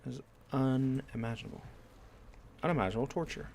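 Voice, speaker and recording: A man's voice: mid-range voice, brisk, vocal fry, darkish tone, a little hiss or hum. A man streaming a game, talking to himself in casual commentary, frustrated and swearing often.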